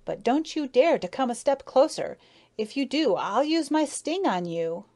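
Woman putting on a tiny young girl bee, high-pitched, earnest, storybook audiobook. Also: big pitch swings, measured pace, dark tone, exaggerated voice. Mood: defiant. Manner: high, pleading then fiercely defiant. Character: brave little young female honeybee.

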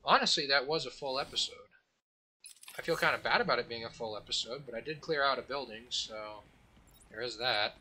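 A man's voice: mid-range voice, fairly quick, pushed and bright, husky. A man hosting a let's play, telling a long joke and chatting casually in a rambling way. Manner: rambling, joking storyteller with fillers and restarts. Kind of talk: casual gameplay commentary.

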